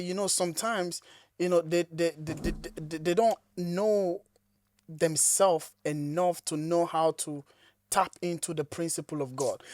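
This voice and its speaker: A laid-back woman co-host with a somewhat low voice, teasing her partner. The sound is dry and close to the mic. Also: a little mellow, no echo. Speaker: podcast co-host. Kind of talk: casual chat.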